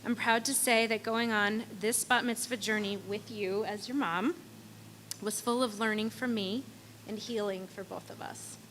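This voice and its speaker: A woman's voice: medium pitch, steady tone, measured pace, a bit bright, slight background noise, poor audio. A woman reading a heartfelt, tender blessing to her child at a coming-of-age ceremony, as a prepared speech. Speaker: parent giving a blessing. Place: ceremony venue.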